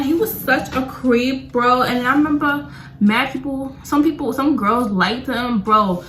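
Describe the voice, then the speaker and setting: A young woman, telling a rambling, animated storytime while doing her makeup for a beauty vlog. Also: high-pitched, measured pace. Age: young adult. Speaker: beauty vlogger. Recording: echoey room.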